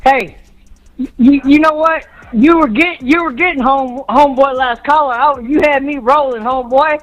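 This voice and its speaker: A woman calling into a sports talk show, ranting in a fired-up way and shouting for emphasis. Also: high-pitched, moderate pace, dull audio. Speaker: caller. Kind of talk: heated call-in rant.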